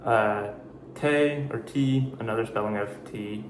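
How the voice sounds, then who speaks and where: A man's voice: on the low side, echoey room. Male host, casual explainer, dry jokey delivery, faint hum behind. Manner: dry, jokey asides between slow definitions. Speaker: video host. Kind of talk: casual explainer reading a word list.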